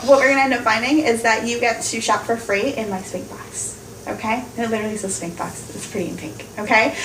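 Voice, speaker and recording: Woman team leader, high bright pitch, laughing casual chat, roomy far-off sound with light hiss. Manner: chatty, laughing, acts out customers' voices. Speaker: team leader of home party sellers. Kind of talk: casual team meeting talk. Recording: far-off echoey room recording with faint noise.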